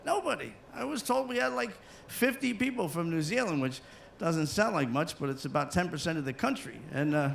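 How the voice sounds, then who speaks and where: A man's voice: a little high, animated, fairly quick, gravelly, fairly bright tone, a little hiss or hum. A man doing stand-up comedy as a cruise ship comedian, working the crowd and slipping into silly put-on voices. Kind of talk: stand-up comedy to a live audience.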